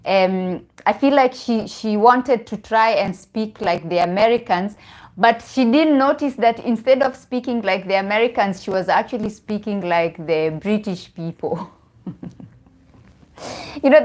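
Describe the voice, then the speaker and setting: A woman's voice: on the high side, darkish tone. Chatty Kenyan woman live-streaming. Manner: chatty, laughs often, restarts phrases. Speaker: vlogger. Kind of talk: casual live-stream chat.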